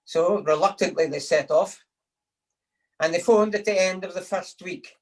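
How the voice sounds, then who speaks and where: A man's voice: sits high, normal speed, poor audio. Man telling after-dinner jokes. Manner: storytelling with acted quotes, chuckling at own jokes. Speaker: speaker giving a toast to the lassies. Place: home, on a video call.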